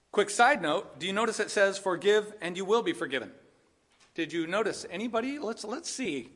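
A man preaching a sermon with a high, bright voice. He drops low for dry, sarcastic asides, then rises into loud, emphatic preaching. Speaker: pastor.

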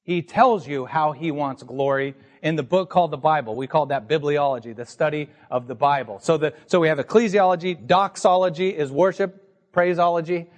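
A man's voice: on the high side, normal speed, in a large hall. A man pastor preaching an emphatic, teacherly sermon to his congregation in a church sanctuary.

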